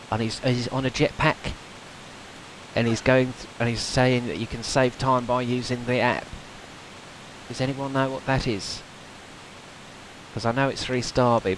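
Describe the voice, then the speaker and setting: A man chats through a gaming livestream, rambling and laughing along with his viewers. His voice sits at a middling pitch, with a faint hiss beneath it. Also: rough recording. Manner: chatty and rambling, laughs often. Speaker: streamer. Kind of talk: casual gaming livestream chat.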